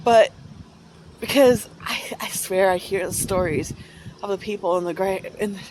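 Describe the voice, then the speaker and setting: A woman vlogging outdoors in a town cemetery, talking in a halting, musing way, repeating phrases and getting emotional. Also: medium pitch. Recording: outdoor street noise. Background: passing traffic.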